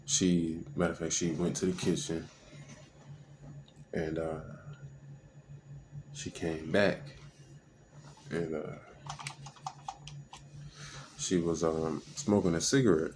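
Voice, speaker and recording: A man with a very low, gravelly voice tells a personal story in loose, slangy talk. He halts often on fillers, and faint noise sits under the voice. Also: darkish tone. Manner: slangy and halting, with many fillers and restarts.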